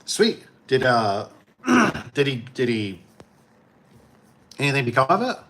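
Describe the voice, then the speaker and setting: A man from Michigan hosting a casual livestream, talking in a relaxed, rambling way and chuckling often. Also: mid-range voice, takes it slowly. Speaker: livestream host.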